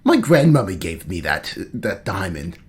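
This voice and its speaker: A man's voice: low voice, very animated, a little slow, breathy edge, voice pushed down, heavily acted. A man voicing a posh, fussy man who has lost a diamond heirloom, in a clumsy put-on posh accent and a theatrical, fretful way of talking. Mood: indignant.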